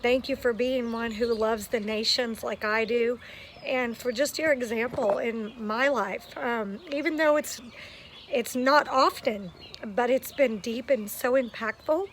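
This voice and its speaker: A woman with a slightly raised pitch stands outdoors and records a heartfelt birthday video for a friend. She talks earnestly and with emotion, filling pauses with ums. A faint hiss sits under her voice. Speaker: friend giving a birthday message.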